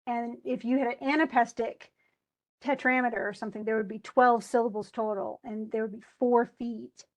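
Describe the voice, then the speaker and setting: A woman's voice: a little high, steady tone, moderate pace. A woman teacher giving a loose, chatty lecture on poetry, full of restarts and asides. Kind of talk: recorded class lecture.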